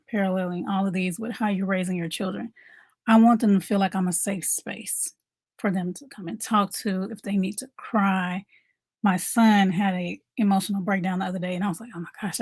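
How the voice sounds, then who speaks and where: A woman's voice: mid-range voice, dry recording. Female mom coach, casual motivational talk to camera, repeats points, dry room sound. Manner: conversational, repeats key points, asks viewers questions.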